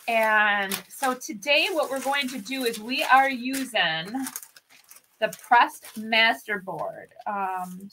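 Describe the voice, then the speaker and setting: A woman's voice: on the high side, bright, forceful tone, a little hiss or hum. A woman hosting a live crafting stream in a casual, chatty way, greeting viewers by name and rambling with many fillers and self-corrections. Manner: chatty and upbeat, greets viewers and reads their comments aloud. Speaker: host of a furniture-flipping craft channel.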